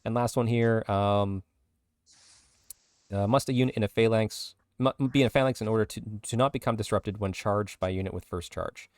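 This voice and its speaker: Low-voiced man rattling off rule changes. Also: moderate pace, a little mellow, no echo, studio quality. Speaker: podcast co-host. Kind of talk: casual podcast chat reading rules updates.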